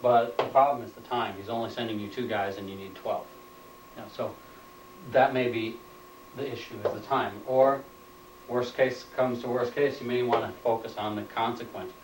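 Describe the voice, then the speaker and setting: A man's voice: mid-range voice, steady tone, moderate pace. Man, instructor, plain lecture delivery, repeats points as questions, distant mic, faint background hiss. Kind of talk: training lecture. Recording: roomy, off-mic room sound.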